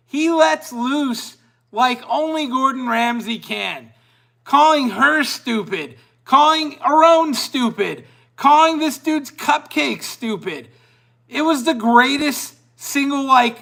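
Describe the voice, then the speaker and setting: High, gravelly-voiced man telling a story. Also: takes it slowly. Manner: animated, rambling, self-interrupting. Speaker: podcast host. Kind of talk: casual storytelling.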